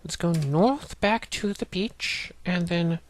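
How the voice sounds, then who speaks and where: A woman's voice: lowish voice, slow pace, slight background noise. A woman narrating a walkthrough of an old text adventure game, plainly reading commands and game text aloud and explaining each step. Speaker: let's play narrator. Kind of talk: let's play walkthrough narration.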